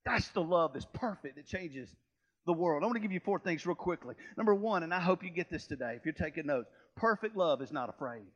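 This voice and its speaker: A man preaching a sermon, telling a story and swinging between hushed and loud, fervent passages. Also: on the high side, animated, fairly quick, lo-fi sound. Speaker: pastor.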